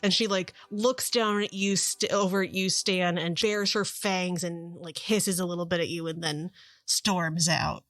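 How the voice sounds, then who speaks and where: Woman game master, low-voiced, chatty, over faint music. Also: steady tone, unhurried, fairly bright tone, no room sound. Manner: chatty, laughing, voicing characters. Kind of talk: narrating a tabletop game.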